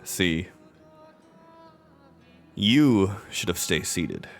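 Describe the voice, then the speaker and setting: A man's voice: low-pitched, expressive, extremely slow, gravelly, faint music behind, voice pushed down, full character voice. A man voicing a stern, commanding knight. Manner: commanding, formal, lecturing. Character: confident stern male knight swordsman.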